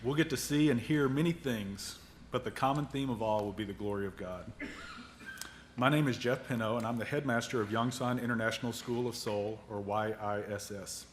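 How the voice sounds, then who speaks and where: Earnest middle-aged headmaster with a cold. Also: male voice, medium pitch, a little hiss or hum. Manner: earnest, measured reading with faith-filled phrasing. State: has a cold, on cold medicine. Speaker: school headmaster. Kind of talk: reading a prepared presentation.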